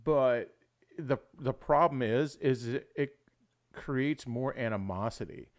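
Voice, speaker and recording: A young adult man rambling through a casual livestream chat at a mid-range pitch. He swears freely and keeps dropping "dude" into his sentences, in a loose, unscripted way. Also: takes it slowly. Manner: rambling, swears often, says "dude" a lot. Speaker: livestream host.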